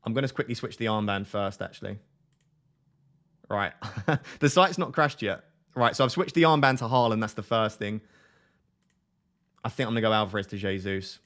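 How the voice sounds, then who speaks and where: An excitable man talking through a live stream in a fairly low voice. He trips over his words and restarts sentences as he clicks along. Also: normal speed, pauses often.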